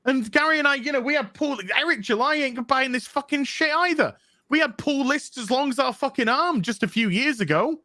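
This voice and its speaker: A man's voice: very high voice, fairly quick, dry recording. A man co-hosting a comic book panel show, ranting heatedly with constant swearing and mocking voices. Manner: profane and animated, mocking voices of others. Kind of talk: heated opinion rant on a livestream panel.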